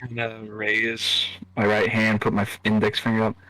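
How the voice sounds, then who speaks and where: A man's voice: fairly low pitch, completely flat delivery, moderate pace, bright, forceful tone, no room sound, low-quality recording. A man playing a tabletop game, exasperated and stammering at times. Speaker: player.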